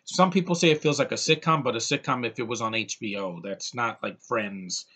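A man talking straight to camera in a casual movie review vlog, excitable and gushing, rambling with stops and restarts. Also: mid-range voice, brisk, breathy edge.

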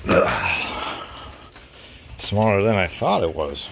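A man's voice: sits low, lively intonation, slow, vocal fry, a bit bright, a little hiss or hum. A middle-aged man rambling casually in his home garage while working on tools, with mild cursing along the way, recorded on a phone. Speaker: garage vlogger. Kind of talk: casual workshop chat. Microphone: phone camera.

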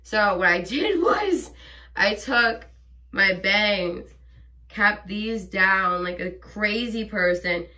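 This young mom vlogs from her bathroom at home, her voice picked up from a distance. Medium in pitch but animated, she talks slowly with a sharp tone, staying chatty and giggly and filling her rambling with fillers.

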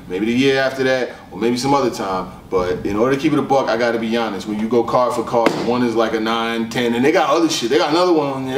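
A man casually giving his opinions on battle rap, rambling and laughing often as he talks. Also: mid-range voice. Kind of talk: casual talk commentary. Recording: roomy echo, distant mic, faint noise.

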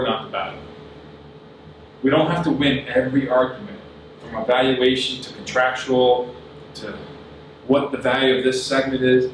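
A man with a medium-pitched voice gives a business talk at a summit, offering plain-spoken, earnest advice straight to the audience. The large conference room is heavily echoey, so he sounds far off with noticeable background noise.

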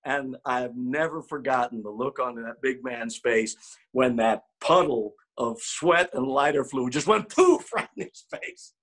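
Husky-voiced man telling a lively ballplayer yarn. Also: mid-range voice, measured pace. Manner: animated, acts out quotes, repeats words when excited. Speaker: former ballplayer telling a clubhouse story. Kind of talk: anecdotal storytelling.

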